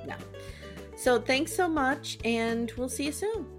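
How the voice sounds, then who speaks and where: A woman's voice: high voice, animated, takes it slowly, over music. A woman co-hosting a casual podcast, reading research notes aloud and stumbling over words now and then. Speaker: podcast co-host.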